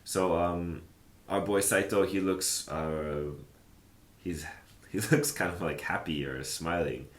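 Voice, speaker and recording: A man with a low, deep voice walks through a language lesson in an easygoing, chatty way, pausing often with "uh" and "like." The sound is roomy and echoey. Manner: relaxed, chatty, thinks aloud with many fillers. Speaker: language teacher. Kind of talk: casual explanatory lesson.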